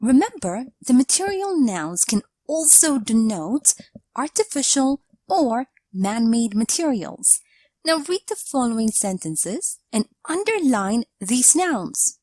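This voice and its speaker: A woman narrating a scripted grammar lesson, explaining slowly and deliberately and reading out example sentences. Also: a little high, big pitch swings, darkish tone, dry recording. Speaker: English teacher.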